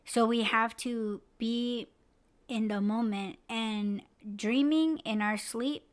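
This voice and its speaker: A woman's voice: fairly high pitch, steady tone, slow pace, clean tone. A woman podcast host in casual chat, rambling with lots of fillers and swearing freely. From United States.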